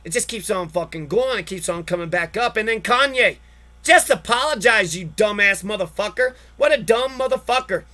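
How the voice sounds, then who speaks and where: Very high-voiced, sharp-toned ranting man. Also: animated, normal speed. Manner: heavy swearing, exasperated ranting. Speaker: podcast host. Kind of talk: profane political rant.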